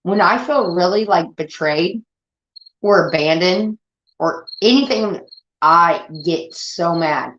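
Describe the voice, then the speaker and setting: A woman's voice: on the low side, takes it slowly, fairly bright tone. A woman from Indiana hosting a livestream, ranting heatedly and swearing a lot in casual talk. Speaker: livestream host. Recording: dull lo-fi stream audio.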